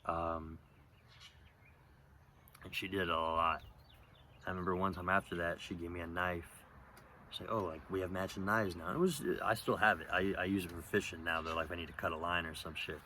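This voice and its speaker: A young man telling a personal story in a rambling, profane, halting way, with lots of fillers, outdoors. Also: sits low, fairly even intonation, sharp tone, slight background noise. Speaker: vlogger. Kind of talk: casual storytelling monologue.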